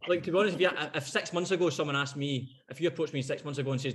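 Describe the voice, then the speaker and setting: Fast-talking, laughing male podcast host. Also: fairly high pitch. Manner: fast, rambling, laughs often, swears casually. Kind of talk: casual podcast chat.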